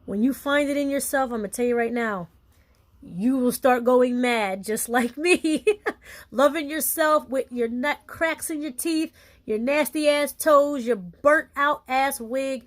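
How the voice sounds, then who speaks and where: High-voiced woman, animated and laughing. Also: unhurried. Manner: slangy and playful. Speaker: small business owner. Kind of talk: casual talk to followers.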